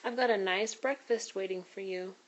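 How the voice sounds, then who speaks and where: A woman's voice: medium pitch, moderate pace, natural voice, poor audio. A woman voicing a caring, scolding grown woman in a read-aloud storybook. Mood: warm. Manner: fussing and motherly.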